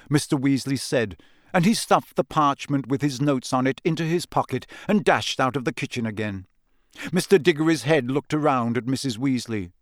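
A man reading a story aloud as audiobook narrator in steady storytelling. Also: medium pitch, normal speed, no echo, clean studio sound. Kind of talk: scripted narration.

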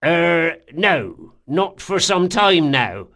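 A man's voice: fairly high pitch, big pitch swings, extremely slow, sharp tone, voice pushed up, heavily acted. A man doing a terrified, begging bandit. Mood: cowed. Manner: pleading, begging, cringing. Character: terrified grizzled male bandit, dangling.

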